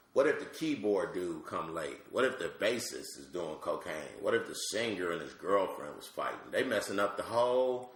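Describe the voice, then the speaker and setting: A middle-aged male comedian telling animated, slangy stories as a podcast guest. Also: fairly low pitch. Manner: animated, slangy, lots of asides. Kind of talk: comic storytelling on a podcast. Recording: roomy echo.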